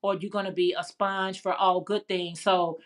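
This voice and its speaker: A woman's voice: medium pitch, flat delivery, normal speed. A woman from Chicago hosting a casual live stream, chatting with viewers, reading their comments aloud and laughing often. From Chicago, United States. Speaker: livestream host.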